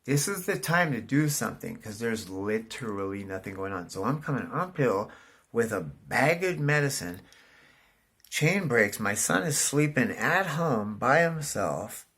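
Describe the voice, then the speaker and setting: Middle-aged man, casual vlogger, animated and profane storyteller. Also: medium pitch, a little slow, husky. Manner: profane, rambling, says "dude" constantly; animated, voice jumps up in excitement.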